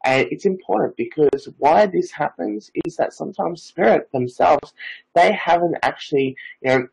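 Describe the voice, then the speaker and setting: A man's voice: medium pitch, darkish tone, husky, poor audio. A nineteen-year-old man, a psychic medium and Reiki master, telling stories in a casual, rambling interview full of filler phrases.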